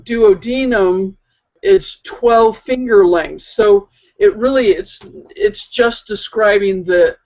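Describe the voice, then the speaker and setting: Woman co-host, mid-pitched, unhurried and halting, lo-fi recording. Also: darkish tone. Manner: slow and hesitant, many pauses and fillers. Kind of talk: casual chat. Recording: muffled lo-fi audio.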